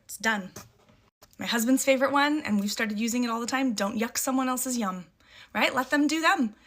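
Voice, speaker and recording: A woman's voice: on the high side, fairly bright tone. Emphatic middle-aged mother repeating firm one-liners. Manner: emphatic, repeats short catchphrases, acts out firm replies to her kids. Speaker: parent sharing parenting advice. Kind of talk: casual talk to camera.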